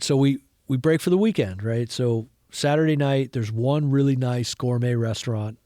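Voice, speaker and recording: Lively middle-aged man telling film-set stories. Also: medium pitch, moderate pace, hardly any pauses, no echo, clean studio sound. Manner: animated storyteller who acts out other people's lines. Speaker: podcast guest, camera operator turned director. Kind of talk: casual anecdotal interview.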